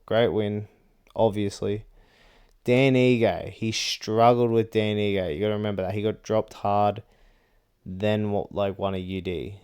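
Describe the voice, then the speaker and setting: A young man delivers casual fight predictions in a blunt, rambling way, swearing freely and filling his talk with "like" and "bro". His voice sits a little low, smooth and clear. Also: a little mellow.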